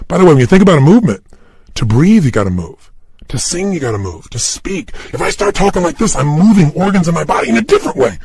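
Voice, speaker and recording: A middle-aged man giving an energetic, emphatic motivational talk straight to the listener, recorded at a studio microphone without a script. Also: a little high, fast talker, gravelly, breathy edge, no room sound. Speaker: motivational speaker. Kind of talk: motivational talk for an audio program. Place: recording room, unscripted and standing.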